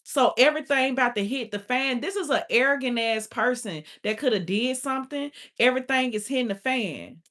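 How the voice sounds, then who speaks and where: A woman's voice: sits high, a little fast, few pauses, fairly bright tone. A woman giving a casual spoken tarot reading, blunt and profane, with constant filler "like". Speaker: tarot reader.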